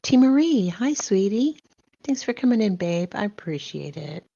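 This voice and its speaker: A woman's voice: mid-range voice, big pitch swings, moderate pace, creaky, dark tone, no echo. An older woman hosting a livestream, greeting viewers one by one and calling them sweetheart and baby. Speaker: livestream host. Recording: dull lo-fi sound.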